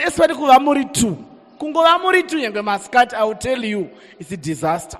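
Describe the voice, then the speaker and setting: Zimbabwean preacher guy, really high voice, lively, keeps getting the crowd to answer, long echo in the church. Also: fairly quick. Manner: energetic, calls on the congregation, switches between languages. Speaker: pastor. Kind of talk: sermon. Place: church hall. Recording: echoey church hall reverb.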